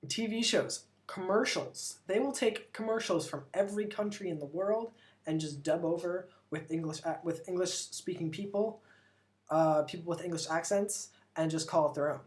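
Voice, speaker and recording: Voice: medium pitch, normal speed. An American vlogger living in Britain, rambling casually and talking with lots of "like" and strong opinions. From United States. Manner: chatty, rambling, full of "like", opinionated. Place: lives abroad in Britain.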